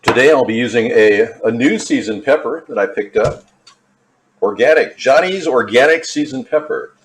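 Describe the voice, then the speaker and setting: A man's voice: mid-range voice, a little hiss or hum. Rambling, jokey man cooking at home. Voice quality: rambling and jokey, drifts off topic. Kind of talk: casual cooking demonstration. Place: home kitchen.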